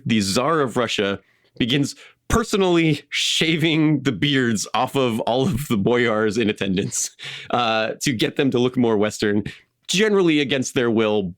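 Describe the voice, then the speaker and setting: A man co-hosting a podcast, telling a history story in a casual, animated way with frequent fillers. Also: mid-range voice, moderate pace, no room sound, studio quality. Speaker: podcast co-host.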